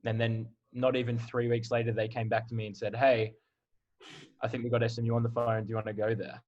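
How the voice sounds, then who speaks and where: Lo-fi audio captures a twentysomething Australian college footballer speaking fast in a mid-range voice. As a podcast guest he's relaxed and frank, peppering his casual interview with "like."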